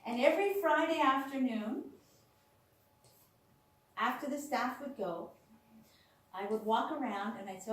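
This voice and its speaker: A woman's voice: on the high side, a little slow, pauses often. A woman telling personal stories to a small audience, acting out what others said. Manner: animated storyteller, acts out quoted voices. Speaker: speaker sharing personal experiences. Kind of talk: storytelling talk to a small audience. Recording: echoey room, voice from far off.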